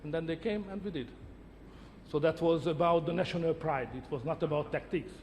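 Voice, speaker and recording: A man's voice: a little high, fairly quick, in a large hall, dull audio, slight background noise. A middle-aged man whose first language is Hungarian, answering interview questions in emphatic short statements that repeat words. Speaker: interviewee, head of government.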